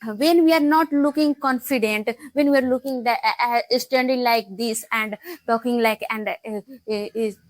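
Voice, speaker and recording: A young woman talks through her practice with many pauses and restarts. Her voice sits somewhat high. The sound is close and dry, with no room around it. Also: fairly even intonation, dry recording. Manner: halting, many fillers and restarts. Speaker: English learning vlogger. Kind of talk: casual talk to camera.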